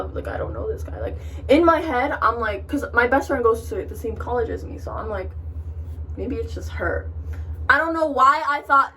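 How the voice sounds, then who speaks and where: A young woman, a college freshman, telling a profane, animated story to the camera while doing her makeup. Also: on the high side, distant mic, slight background noise. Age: young adult. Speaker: vlogger. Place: in front of a mirror, doing makeup. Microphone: camera a short distance away.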